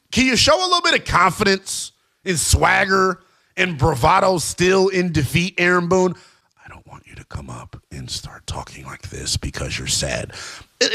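A man's voice: a little high, bright, forceful tone. A man hosting a sports talk show, giving emphatic, slangy opinions to fans.

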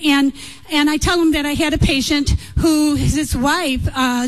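A woman with a high, bright voice tells a long personal story. She rambles warmly, full of ums, uhs and little asides. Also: low-quality recording. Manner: chatty, rambling, many fillers.

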